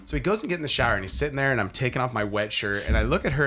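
A man's voice: mid-range voice, animated, racing, few pauses, pushed and bright. A man in his thirties telling funny family stories in casual chat, acting out voices as he goes. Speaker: podcast co-host.

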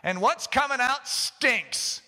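A man preaching a sermon as a pastor, telling an animated story and breaking into shouts. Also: very high voice, takes it slowly, in a large hall.

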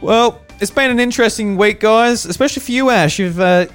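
A man's voice: sits high, a little fast, fairly bright tone, clear, resonant tone, soft background music. A man hosting a podcast, chatting casually and teasing his mates. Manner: joking, teasing. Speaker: podcast host. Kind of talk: casual chat.

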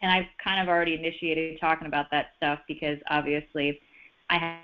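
A woman's voice: low voice, fairly even intonation, brisk. A woman giving a casual personal reading, chatty and full of fillers and restarts. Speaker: human design reader. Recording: dull lo-fi sound.

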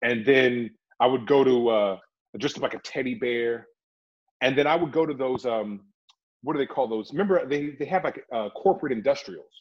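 Middle-aged guy, husky voice, chatty storyteller in an interview, muffled lo-fi audio. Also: mid-range voice, normal speed. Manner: animated, chatty, slips into voices. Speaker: actor and guest.

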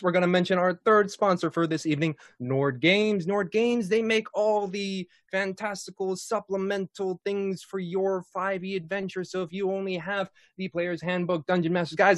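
Man, dungeon master, jokey host, dry close sound, mid pitch. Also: steady tone, moderate pace, hardly any pauses, no room sound. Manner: jokey, punning, rambling with fillers. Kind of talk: livestream sponsor announcements.

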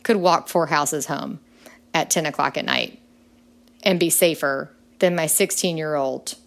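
Earnest woman with a low voice. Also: unhurried, gravelly. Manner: earnest, with sudden upward pitch leaps when emphatic. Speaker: podcast guest. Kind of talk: earnest conversational interview.

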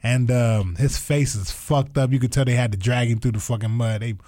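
A young man telling a story in casual chat, animated and profane, acting out other people's lines. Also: mid-range voice, a little fast. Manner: animated, profane, acts out voices in quotes. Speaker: storyteller guest.

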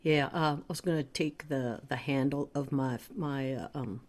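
Woman, low pitch, soft-spoken, hesitant, tabletop player. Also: steady tone, moderate pace.

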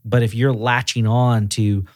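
In clean, dry studio audio, this man speaks at a measured pace with a medium pitch. He runs regional auto repair shops and, in a relaxed podcast interview, brings his stories to life by animatedly performing the quoted lines.

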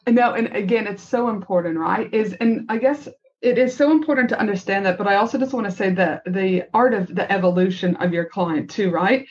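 A woman hosts a podcast as a business consultant, asking questions and coaching her guest in an interviewer role. She speaks briskly and emphatically at a medium pitch, slightly mellow, repeating points and tacking on "right?". The audio sounds dull.

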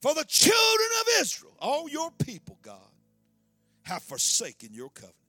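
A man's voice: extremely high pitch, huge pitch swings, moderate pace, sharp tone, dry recording, faint music behind, exaggerated voice. A male preacher voicing a weary prophet who hides in a cave, complaining and then boasting about himself. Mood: self-pitying. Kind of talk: sermon illustration.

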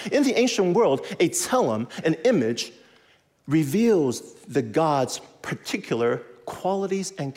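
Man, preacher, animated sermon, slightly high voice, very expressive pitch, repeats phrases. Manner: lively, conversational, repeats phrases for emphasis. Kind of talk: animated sermon with audience call-and-response.

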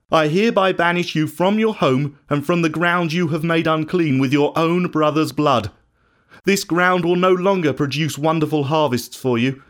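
A man voicing God as a stern yet caring male deity, speaking in grave, measured warnings in a storybook reading. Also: fairly high pitch, natural voice.

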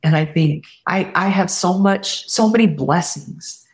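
A woman guest telling a personal story earnestly, often quoting what others said, and reflecting warmly on faith. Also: lowish voice, measured pace. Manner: earnest, heartfelt retelling with quoted dialogue; warm spiritual reflection. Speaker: podcast guest.

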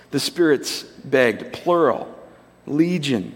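A man's voice: mid-range voice, slow pace, slightly rough. Conversational male preacher, long hall echo. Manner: conversational, animated storytelling, acts out voices. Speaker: pastor. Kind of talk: sermon with storytelling.

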